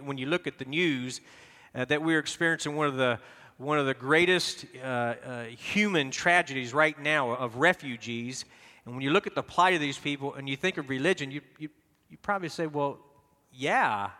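A man's voice: fairly high pitch, bright, forceful tone. A man preaching a sermon as pastor, emphatic and repeating words as he goes, leading the congregation in reading aloud. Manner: repeats words while searching for them. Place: large church hall with long reverb. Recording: reverberant church hall.

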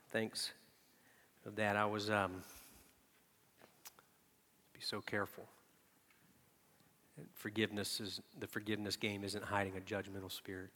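Bright-voiced preacher in a reverberant hall. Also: male voice, on the low side. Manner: swings between hushed, soft asides and loud, emphatic outbursts. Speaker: pastor. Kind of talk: sermon with personal storytelling. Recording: long reverb of a large hall.

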